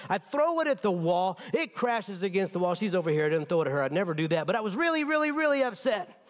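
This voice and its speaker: High-voiced preaching man in a reverberant hall. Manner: emphatic preaching, drops to near whisper when moved. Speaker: pastor. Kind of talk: sermon. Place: church sanctuary.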